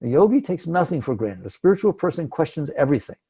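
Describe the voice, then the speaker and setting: A man's voice: fairly high pitch, very animated, fast talker, dark tone, breathy edge. A man giving a conversational spiritual talk, emphatic and acting out inner thoughts. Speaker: spiritual teacher.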